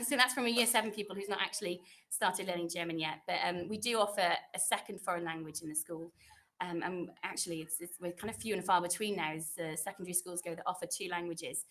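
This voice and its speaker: A woman's voice, on the low side, comes fast with a bright, forceful tone as she welcomes new pupils. She teaches French at a secondary school and speaks from her classroom into a computer microphone, chatty and reassuring, often using fillers and restarting.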